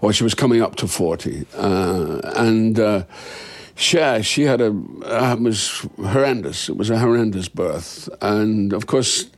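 A man with a fairly low voice speaks in a candid interview. He is an actor, looking back on things thoughtfully and frankly, and now and then lets out a soft laugh. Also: animated, a little slow.

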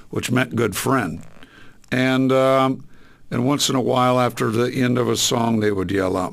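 A man's voice: mid-range voice, steady tone, moderate pace, vocal fry. An older man from Southern California, a singer, reminiscing in an interview in a rambling way full of fillers. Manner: rambling, many fillers and restarts. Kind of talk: relaxed reminiscing.

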